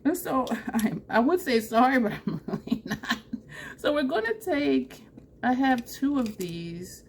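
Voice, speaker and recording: A woman's voice: high-pitched, sing-song, unhurried, vocal fry, slight background noise. A woman chatting casually through a makeup tutorial, self-deprecating and laughing often, with a runny nose. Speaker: makeup vlogger.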